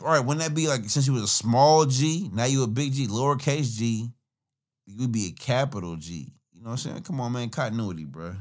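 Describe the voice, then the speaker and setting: A man's voice: mid-range voice, fairly quick, a little mellow. A man hosting a podcast, giving casual, profane, rambling commentary on songs and laughing often. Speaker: podcast host reacting to music.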